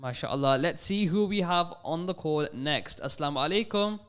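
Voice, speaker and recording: Man, radio call-in host, smooth clear voice, slightly higher pitch, patient and encouraging. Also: expressive, normal speed, a bit bright. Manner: patient, encouraging with young callers; sprinkles Islamic phrases through his talk. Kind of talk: live radio phone-in hosting.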